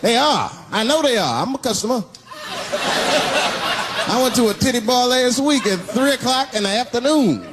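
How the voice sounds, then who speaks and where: A male stand-up comedian tells stories on a club stage, throwing his voice around as he acts out characters. His voice sits high and swings widely. A loud crowd and heavy room noise surround him. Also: normal speed, long pauses. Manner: animated storytelling, acting out characters with big voice swings. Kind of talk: stand-up set. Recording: live club set with loud crowd laughter.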